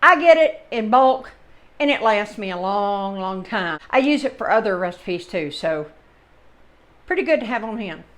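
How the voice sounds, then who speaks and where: A woman's voice: mid-range voice, animated, moderate pace. A woman with a Southern American accent hosting a casual home cooking demonstration in her kitchen, chatting with folksy, rambling asides. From Southern United States. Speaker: home cooking channel host.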